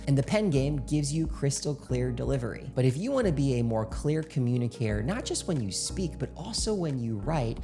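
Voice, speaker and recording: Male speech coach, mellow and upbeat, instructional to camera, light music bed. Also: mid-range voice, vocal fry. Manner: upbeat, coaching, demonstrates exercises aloud. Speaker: speaking coach. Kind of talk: direct-to-camera instructional talk.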